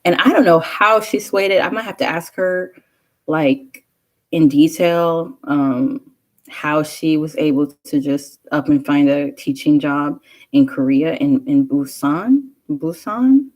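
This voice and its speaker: Young woman vlogger with a low, mellow voice, chatty and rambling. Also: slow pace, low-quality recording. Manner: rambling, chatty storytelling with many fillers. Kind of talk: casual chat.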